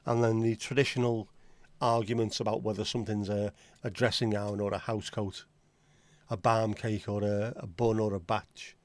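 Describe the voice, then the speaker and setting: A man's voice: on the low side, little pitch movement, moderate pace, dry recording. A man with a Liverpool accent hosting a casual livestream chat, joking, swearing freely and greeting viewers by name. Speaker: livestream host.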